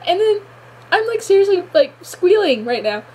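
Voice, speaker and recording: A woman's voice: extremely high pitch, sing-song, moderate pace, a little mellow, rough recording. A woman reviewing a show episode in a gushing, exclamatory chat full of filler words. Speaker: fan reviewer.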